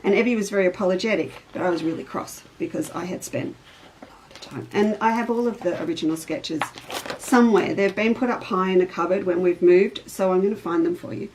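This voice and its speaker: A woman's voice: on the low side, fairly quick, darkish tone, slight background noise, poor audio. A middle-aged woman, hosting a casual show-and-tell chat as a fabric designer. She tells a rambling story in an easy, talkative way.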